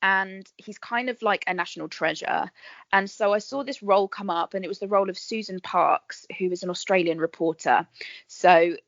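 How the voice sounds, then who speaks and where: A woman's voice: mid-range voice, moderate pace, no echo, highs cut off. Bubbly woman, laughing storyteller. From England. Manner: chatty, bubbly storyteller who laughs often. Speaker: guest actress. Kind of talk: casual podcast interview.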